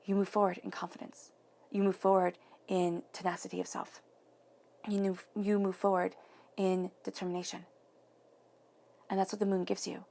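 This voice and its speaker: A woman's voice: medium pitch, level tone, normal speed, vocal fry, pauses often, dark tone. A woman giving an earnest, encouraging tarot reading to viewers, repeating phrases for emphasis. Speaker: tarot reader.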